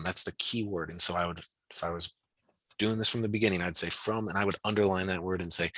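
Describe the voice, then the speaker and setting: A man's voice: low-pitched, fast talker, sharp tone, breathy edge, no echo, rough recording. A man tutoring physics over a video call, talking through his reasoning aloud in a casual, encouraging way. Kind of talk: online tutoring session.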